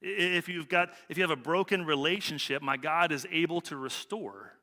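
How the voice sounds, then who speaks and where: Sharing a personal story from the pulpit, a middle-aged pastor keeps his sermon conversational, circling back on his points and frequently checking in with "right?" He has a fairly high, bright, forceful voice at normal speed, and the sanctuary adds long reverb.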